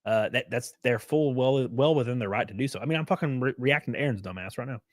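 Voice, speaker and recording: A man's voice: mid-range voice, fast talker, no echo, clean studio sound. A young man hosting a livestream, commenting casually, swearing freely, laughing often and thanking donors by name. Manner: animated, profane, laughs often. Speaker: livestream host.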